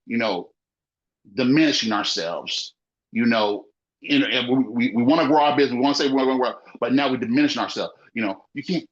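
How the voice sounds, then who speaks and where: In a muffled, lo-fi recording, a man with a mid-range voice talks a little fast on a laid-back podcast. He owns a small business and comes across emphatic and repetitive, peppering his speech with "you know."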